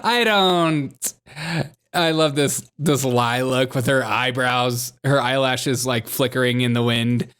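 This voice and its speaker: A man's voice: medium pitch, slow, fairly bright tone, clean tone. A man hosting a comedy news show, commenting in a mocking tone and laughing often.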